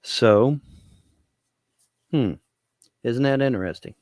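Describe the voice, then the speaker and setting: A man's voice: medium pitch, slow, a little mellow, dry recording. A man ranting to his viewers as a vlogger, swearing, repeating himself and asking rhetorical questions. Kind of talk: rambling political rant to camera.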